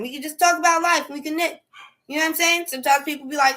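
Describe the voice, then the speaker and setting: A woman with a high, light voice talks straight to her viewers in a casual motivational live stream. She is preachy and emphatic, with loose slangy grammar, and she keeps checking in with "okay?". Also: lively intonation, fast, bright, forceful tone. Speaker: host.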